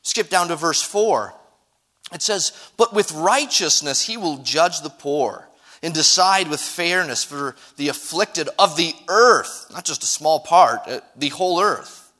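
A man preaching a sermon to his congregation, swinging between emphatic rises and hushed drops. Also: fairly high pitch, animated, measured pace. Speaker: pastor.

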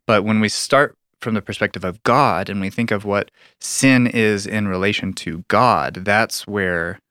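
Earnest explaining man, low dry voice. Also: measured pace, bright, forceful tone, clean tone, dry recording. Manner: earnest, explanatory, restarts often. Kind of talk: conversational theology discussion.

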